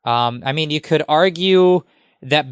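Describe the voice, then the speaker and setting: A man's voice: fairly high pitch, unhurried, clean tone, no room sound, clean studio sound. A man who is a guest on a podcast, talking casually and with enthusiasm, rambling and using many fillers.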